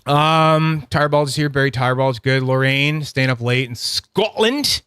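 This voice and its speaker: A man's voice: medium pitch, normal speed, fairly bright tone, clean tone, dry recording, clean studio sound. A man hosting a casual livestream review, rambling and chatty, swearing freely and greeting viewers by name. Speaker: host of a livestream review channel.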